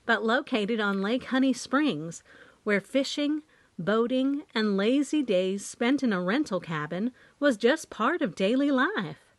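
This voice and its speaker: A woman reading a first-person audiobook, measured and expressive. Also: mid-range voice, no echo. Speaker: audiobook narrator. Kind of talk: scripted first-person narration.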